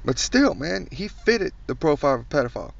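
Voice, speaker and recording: A man's voice: a little high, sing-song, fairly quick, creaky. A man doing a profane comedic rant, blunt, crude and mocking. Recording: distant dull recording.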